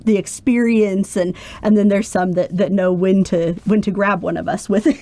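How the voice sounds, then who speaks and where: A woman's voice: medium pitch, normal speed, dry recording. Earnest woman telling stories. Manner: earnest, animated storytelling with voiced quotes. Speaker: guest, military caregiver. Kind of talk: podcast interview.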